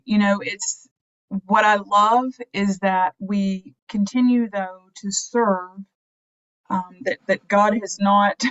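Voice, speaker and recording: A woman guest in an interview, speaking in an earnest, measured way. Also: medium pitch, highs cut off. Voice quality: earnest, measured, with short affirmations. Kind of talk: conversational interview.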